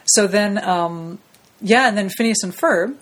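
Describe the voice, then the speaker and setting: A middle-aged woman, a voice actress, telling stories in a relaxed interview and acting out the people she quotes. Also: mid-range voice, unhurried. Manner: lively anecdotal, acts out quoted people in shifting voices. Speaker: voice actress guest. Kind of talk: casual storytelling interview.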